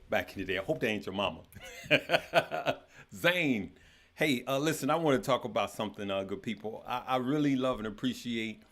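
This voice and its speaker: Fairly low in pitch with a fairly bright tone, a man who has kids chats casually on his livestream. Viewers get greeted by name, though he fumbles a few, and his talk is loose and full of fillers.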